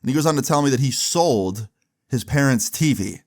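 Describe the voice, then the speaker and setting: A young man casually telling a long personal story, slangy and animated, acting out quoted dialogue. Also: mid-range voice, moderate pace. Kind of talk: casual storytime over gameplay.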